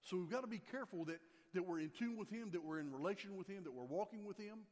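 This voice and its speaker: An older man preaching a sermon, emphatic, repeating key phrases and dropping his voice low for scripture. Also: lively intonation, quick pace, a little mellow. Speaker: pastor. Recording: long hall reverb.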